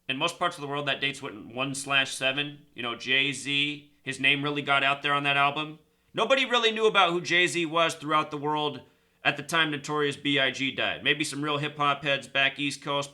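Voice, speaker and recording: A man hosting his own video, talking casually and rambling, repeating numbers and speeding up, then slowing down to stress a point. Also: medium pitch, sharp tone. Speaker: video host. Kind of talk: casual monologue to camera.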